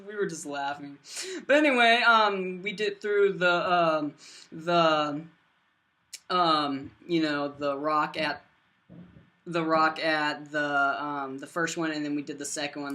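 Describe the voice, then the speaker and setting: A teenage boy vlogger telling a rambling storytime, full of fillers and bursts of loud silly voices. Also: a little high. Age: teens.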